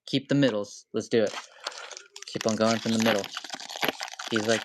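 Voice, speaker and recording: A young man hosting a live stream, opening card packs and chatting with viewers in a loose, excitable way that turns to yelling and swearing when a pull hits. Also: on the low side, moderate pace, pauses often, slight background noise. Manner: excitable, swears when thrilled, talks to chat. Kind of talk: casual live-stream chat.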